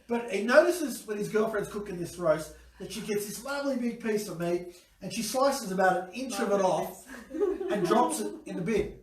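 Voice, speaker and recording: Male guest, high voice, lively anecdote teller, picked up from across the room. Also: normal speed, a little hiss or hum. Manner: storytelling with acted voices and chuckles. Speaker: guest expert. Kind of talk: animated anecdote at a dinner table. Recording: roomy sound from a distant mic.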